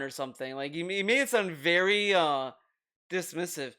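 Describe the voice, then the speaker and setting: A man giving a ranting commentary, animated and mocking, often swearing and mimicking others. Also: fairly high pitch, unhurried, clear, resonant tone. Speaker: commentary streamer.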